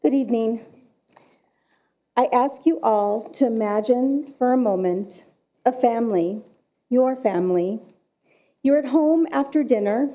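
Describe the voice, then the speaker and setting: A woman, a director of forensic services, giving prepared public comment at a council meeting in a slow, measured storytelling delivery. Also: a little high, dark tone.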